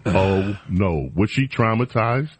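A man's voice: on the low side, expressive, slow, husky, dry recording. A man hosting a talk radio show, chatting casually and teasing his guest in an opinionated way.

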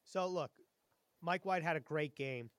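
A man hosting a sports podcast in a casual chat, upbeat with quick asides while reading out quiz questions. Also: a little high, dry recording, clean studio sound. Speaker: podcast host.

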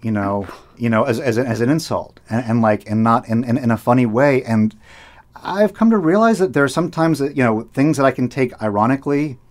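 A man's voice: medium pitch, lively intonation, fairly quick. A man who hosts public radio, talking in casual conversation and often repeating words as he thinks aloud. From United States. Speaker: public radio host, guest.

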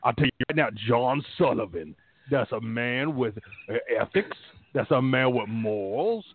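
A man voicing a gruff old football man with a folksy, scolding drawl. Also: medium pitch, lively intonation, a little slow. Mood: grumbling. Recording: phone-like line.

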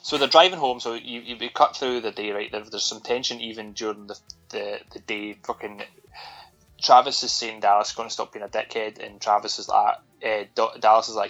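A man's voice: on the low side, steady tone, fairly quick, fairly bright tone, dull audio, soft background music. A Scottish man co-hosting a podcast, recapping a film in a sweary, sardonic, rambling way. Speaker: podcast co-host. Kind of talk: casual film-review chat.

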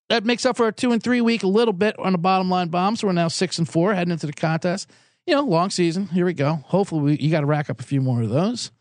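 A man hosting a sports betting podcast alone in a small recording booth, rambling comically, loud and excitable, swinging from shouting to mumbling. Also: high-pitched, no room sound, clean studio sound. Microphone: studio microphone.

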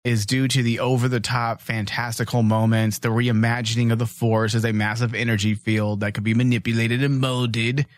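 A man's voice: medium pitch, level tone, normal speed, few pauses, dry recording, clean studio sound. A man co-hosting a podcast, chatting crudely and ranting in a brash, joking way. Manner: brash, joking, mock-macho rants. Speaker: podcast co-host. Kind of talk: crude comedic podcast chat.

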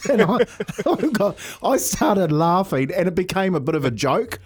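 A man with a New Zealand accent co-hosting breakfast radio, telling a story with animated, laughing delivery. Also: high voice, moderate pace, a little hiss or hum. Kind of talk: casual radio banter, storytelling.

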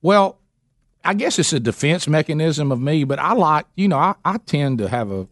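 A man's voice: fairly high pitch, moderate pace, no echo. Give me a playful man hosting a talk radio show, acting out his stories, close and dry in the studio. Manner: playful, teasing, animated storyteller who acts out quotes. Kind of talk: casual on-air storytelling chat.

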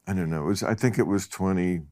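A man's voice: low voice, quick pace, darkish tone. A man hosting a loose, casual conversation, joking wryly and laughing often as his sentences trail off. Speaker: host.

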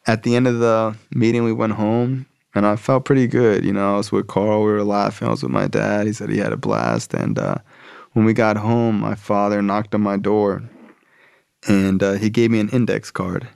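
A man's voice: lowish voice, moderate pace, vocal fry, darkish tone, clear, resonant tone, no echo, studio quality. A young man telling a personal recovery story in a casual, profane way, full of slang and fillers.

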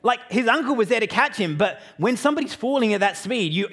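Higher-voiced Australian man preaching. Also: fast talker, breathy edge. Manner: lively, joking asides to the audience. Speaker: pastor. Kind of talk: storytelling sermon.

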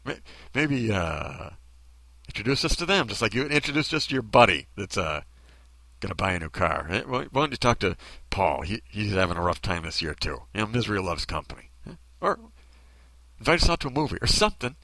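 A man's voice: on the low side, sing-song, a little fast, sharp tone, dry recording. A man delivering a bitter, sarcastic ranting monologue full of rhetorical questions.

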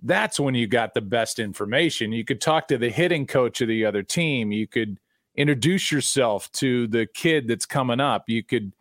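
Animated middle-aged man telling stories. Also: medium pitch, normal speed, dry recording, clean studio sound. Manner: animated, repeats words when starting sentences. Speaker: guest broadcaster. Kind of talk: casual storytelling.

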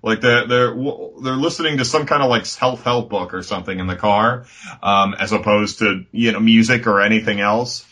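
A man co-hosting a casual movie review, recapping the plot in an animated, mocking way. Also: on the low side, normal speed. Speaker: podcast co-host.

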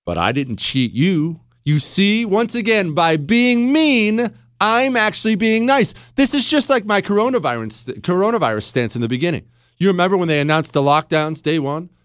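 A man hosts a radio show with a blunt, lecturing delivery and a lively, swooping pitch. His voice is fairly high for a man. The studio mic sound is dry and close. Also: normal speed, no echo. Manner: blunt, lecturing, acts out other people's voices. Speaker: radio talk show host. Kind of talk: opinionated talk radio monologue.

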